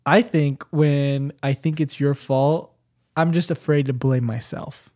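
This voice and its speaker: A man's voice: fairly high pitch, steady tone, a little slow, a little mellow. A man co-hosting a podcast in casual chat, sheepish and self-deprecating with a playful edge. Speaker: podcast co-host.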